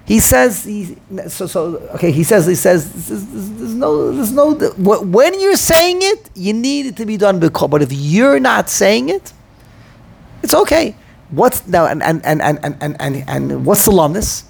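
Gravelly, husky rabbi giving a lecture. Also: male voice, high voice, very animated, unhurried. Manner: thinks aloud, repeats words, full of Hebrew terms. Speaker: rabbi teaching a class. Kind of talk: Talmudic lecture.

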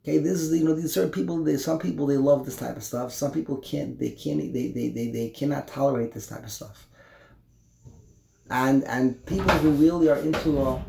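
A man's voice: mid-range voice, a little fast, creaky, warm tone, roomy sound, slight background noise. A man teaching a Torah class, explaining a text line by line, often repeating and restarting words.

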